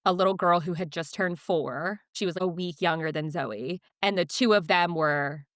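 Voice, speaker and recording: A woman in her thirties, a podcast co-host chatting casually and telling animated stories, acting out the voices she quotes. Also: lowish voice, moderate pace, no echo, clean studio sound. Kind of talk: casual chat.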